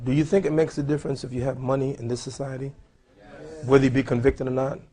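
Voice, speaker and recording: A man speaking as an imam at a seminar, animated and questioning his audience. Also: medium pitch, fast talker. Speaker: imam lecturer. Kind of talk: seminar lecture. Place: lecture hall.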